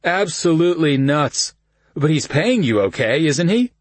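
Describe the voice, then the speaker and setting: Man doing a loud, rowdy young cousin. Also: a little high, measured pace, no room sound, pitched above the performer's own voice. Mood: tipsy teasing. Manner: loud, excited, mocking.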